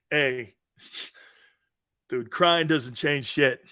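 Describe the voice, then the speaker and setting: A man hosting a sports talk show, brash and loud, laughing a lot, swearing and answering chat comments. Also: on the high side, expressive, a little slow. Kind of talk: casual sports radio chat.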